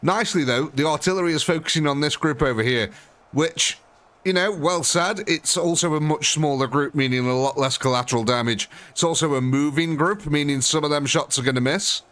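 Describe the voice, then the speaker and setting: A man's voice: a little high, fairly quick, fairly bright tone. Chatty male gaming streamer. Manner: chatty, thinks aloud, talks to units on screen. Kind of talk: live gameplay commentary.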